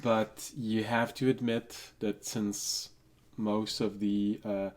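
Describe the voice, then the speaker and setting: A man's voice: fairly low pitch, flat delivery, slow pace, darkish tone. A man with a sick voice, running a tabletop game as game master. He narrates the scene unhurriedly and laughs often at the players' jokes.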